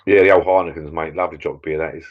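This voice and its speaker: A very low-voiced man rambles through a casual live-stream chat from his backyard pub shed. He grumbles, cuts himself off and wanders between topics. The audio sounds dull and lo-fi. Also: fairly even intonation, racing. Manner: rambling, chatty, self-interrupting, grumbling.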